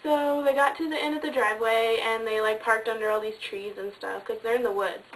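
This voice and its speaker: A woman casually telling a ghost story in a chatty way with lots of fillers, sometimes dropping to a hush. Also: a little high, steady tone, fairly quick, far from the mic, a little hiss or hum, rough recording. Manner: chatty, many fillers, drops to hushed tones.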